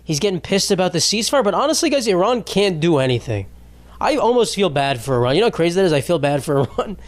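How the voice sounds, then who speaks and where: A man's voice: high-pitched, sing-song, quick pace. A young adult man hosting a podcast, rambling in a crude, sarcastic comedic monologue. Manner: crude, sarcastic, rambling with mocking put-on voices. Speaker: podcast host.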